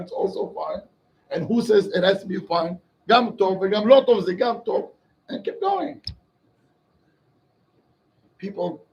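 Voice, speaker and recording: A man's voice: high voice, slight background noise, low-quality recording. A man, a rabbi, giving an emphatic Torah class, quizzing his listeners and mixing in Hebrew phrases. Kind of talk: Torah class to a live group.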